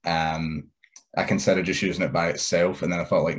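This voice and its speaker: A man's voice: deep voice, little pitch movement, brisk. A man in his thirties, a wrestler guest, easygoing and rambling. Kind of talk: casual interview chat.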